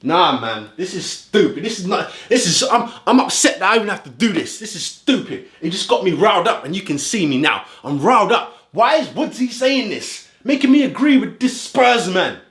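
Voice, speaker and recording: A fired-up man rants through a football reaction video in thick street slang. His voice sits high and swings wildly up and down. The sound bounces around a roomy space. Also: moderate pace, few pauses. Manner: animated, ranting, street slang. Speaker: football fan vlogger reacting to a clip. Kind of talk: heated reaction commentary. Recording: roomy echo.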